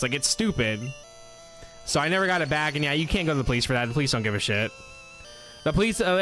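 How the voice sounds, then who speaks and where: A man's voice: fairly high pitch, lively intonation, fast talker, sharp tone, soft background music. A young man streaming a game, chatting casually and telling a long, profane, rambling story to his viewers. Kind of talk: casual live-stream chat over gameplay.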